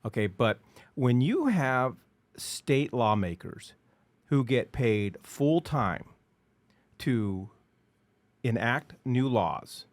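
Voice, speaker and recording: A man's voice: mid-range voice, very slow, pauses often, dry recording. A man co-hosting a casual podcast discussion who rants with animation and mocks people with made-up voices. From Arizona, United States. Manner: animated ranting, mocking voices. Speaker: podcast co-host.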